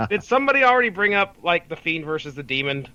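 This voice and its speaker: A man's voice: on the high side, big pitch swings, brisk, pushed and bright, highs cut off. A man in his thirties co-hosting a podcast in casual chat, rambling with restarts and frequent laughter. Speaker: podcast co-host.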